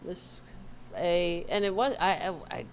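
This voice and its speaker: A woman's voice: lowish voice, animated, a little slow, slight background noise. A woman hosting a live-streamed political commentary show from home, sarcastic and rambling, with asides to her dog. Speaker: host of a political livestream.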